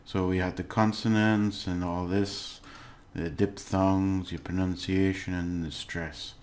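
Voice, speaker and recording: A man with a very low voice walks through a lesson recap in a relaxed, unscripted way. He is patient and keeps checking in with the listener, pausing often to gather his words. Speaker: language teacher. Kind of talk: casual recorded lesson recap.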